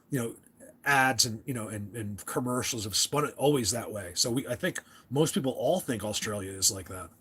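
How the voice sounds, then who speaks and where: A man's voice: mid-range voice, fairly bright tone, husky. A young American man hosting a casual livestream chat, rambling and restarting his sentences as he talks to viewers. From United States. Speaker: livestream host.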